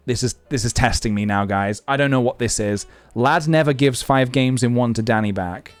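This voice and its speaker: A young man chatting casually on a live stream, thinking aloud and rambling with plenty of ums. His voice sits at an ordinary middle pitch, recorded dry and close. Faint music plays underneath. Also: moderate pace, few pauses, smooth, no echo.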